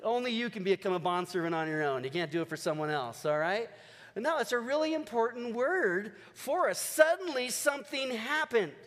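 A male pastor preaching a lively sermon to his church. He moves between slow, stressed lines and quick joking asides. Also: high voice, long reverb tail. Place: church sanctuary.

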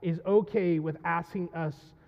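A man with a high voice delivers an impassioned sermon, swinging from hushed reflection up to loud, pleading cries. His voice carries a long reverb from a church hall, and the sound is a bit muffled. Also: steady tone, a little slow, gravelly. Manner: impassioned, rising to loud pleading when voicing the psalm. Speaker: pastor. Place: church sanctuary.

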